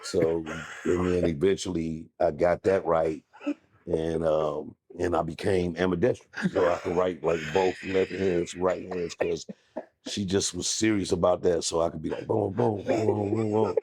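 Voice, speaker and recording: A man's voice: deep voice, steady tone, unhurried, darkish tone, breathy edge. A man, a comedian guest, telling rambling comic stories in casual chat and acting out little voices along the way.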